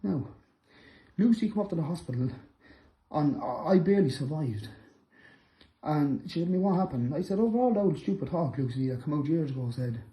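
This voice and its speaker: A middle-aged man is delivering an angry callout straight to the camera. His voice is sharp and bright and sits fairly high, and he piles up accusations, repeating himself and swelling into loud bursts. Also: expressive, a little fast, long pauses, low-quality recording. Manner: accusing, repetitive, rising to shouting bursts. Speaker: man addressing a rival on camera.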